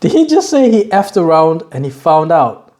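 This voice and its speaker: A young man reacting to news clips in a loose, joking way, full of slang and teasing asides. His voice sits a little high but has a mellow, dark tone that stays relaxed even when he laughs. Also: normal speed. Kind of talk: casual reaction commentary.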